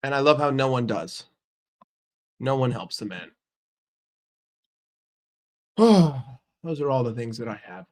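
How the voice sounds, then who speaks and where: A man's voice: medium pitch, very animated, slow, pauses often, a little mellow. An American man giving a heated, profane football reaction rant with lots of emphatic repetition. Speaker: football fan commentator.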